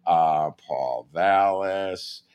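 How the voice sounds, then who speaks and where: A man hosting a casual interview, swinging between quiet mutters and excited outbursts. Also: low voice, drawn-out words, clean tone, dull audio. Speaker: host.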